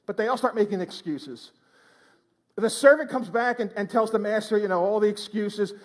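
High-voiced, exclamatory male preacher. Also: normal speed. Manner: exclamatory, prods the congregation with questions. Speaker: pastor. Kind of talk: sermon. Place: church.

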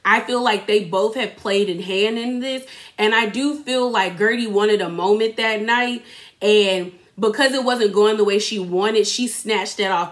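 A woman's voice: fairly high pitch, normal speed, a bit bright. A young adult woman giving a chatty, opinionated recap of a reality show in casual slangy talk, acting out what people said.

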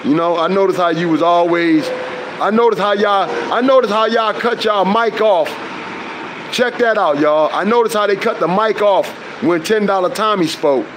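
High-pitched man ranting with profanity. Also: normal speed, noisy background. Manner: confrontational, profane, trails into fillers. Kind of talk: heated direct-to-camera rant.

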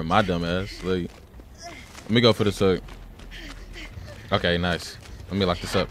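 A man's voice: mid-range voice, animated, fairly quick, pauses often, fairly bright tone, slight background noise. A man streaming a game, telling stories in a loose, profane way and calling everyone "bro". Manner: loose, profane storytelling, says "bro" a lot. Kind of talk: casual gaming commentary.

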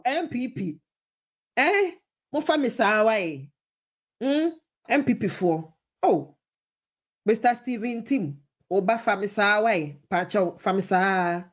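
A Ghanaian woman giving animated political commentary, emphatic and laughing often. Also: medium pitch.

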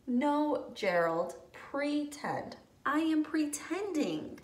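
A woman's voice: high voice, sing-song, drawn-out words, pitched above the performer's own voice, exaggerated voice. A woman voicing a cheerful, patient little female pig in a storybook reading, speaking in a matter-of-fact, reassuring way. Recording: echoey room, distant mic.

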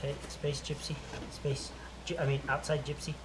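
A man's voice: fairly high pitch, flat delivery. A man hosting a video outdoors on a farm, casually directing people and praising his dogs in short, bossy bursts. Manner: bossy, gives quick directions. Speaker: host, pest control dog handler. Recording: outdoor noise behind the voice.

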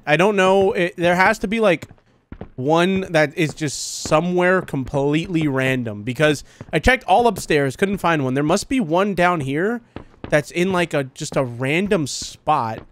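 A man giving chatty, joking let's play commentary, reacting aloud and reading in-game notes. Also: sits high. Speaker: gaming channel host. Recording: faint noise and clicks behind the voice.

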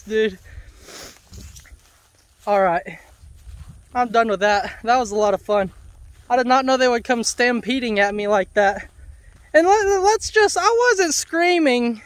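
Very high-voiced man. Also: fairly bright tone, dry recording. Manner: playful, chatty, teasing. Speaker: homestead vlogger. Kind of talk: casual vlog, talking to farm animals. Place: outdoor farm pasture.

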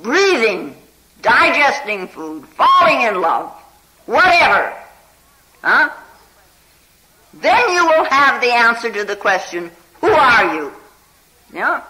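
Bright, lively meditation teacher's talk. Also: mid-range voice, a little hiss or hum, rough recording. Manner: often checks in with listeners with "hmm?" and "huh?"; unhurried and conversational, full of "you know". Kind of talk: spiritual talk telling a Zen story.

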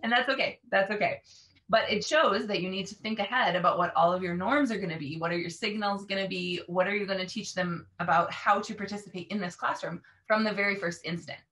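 Casting: earnest woman teacher, emphatic explainer, mid-pitched. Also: fairly quick, a bit bright. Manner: earnest, emphatic, models repeated words. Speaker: language teacher.

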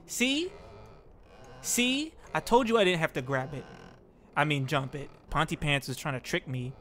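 A man's voice: fairly high pitch, slight background noise. A young man giving casual commentary while streaming a climbing game, laughing and yelping as he plays. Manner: excitable, laughs and yelps at the game.

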